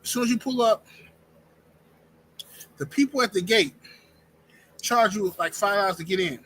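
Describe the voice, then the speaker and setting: A man hosting a live-streamed talk show, speaking in an animated, emphatic way, often restarting sentences. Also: sits high, normal speed, slight background noise, rough recording. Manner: animated, emphatic, repeats words and restarts, says "bro" and "fam". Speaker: podcast host. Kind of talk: casual opinionated live-stream chat.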